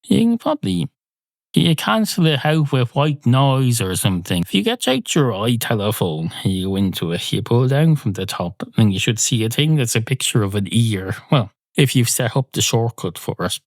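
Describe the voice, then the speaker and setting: A man's voice: mid-range voice, moderate pace, gravelly, no room sound. Wry Irish man rambling on his podcast. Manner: deadpan, wry, digressive, swears casually. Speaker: comedy podcast host. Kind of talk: rambling comic monologue. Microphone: close studio mic.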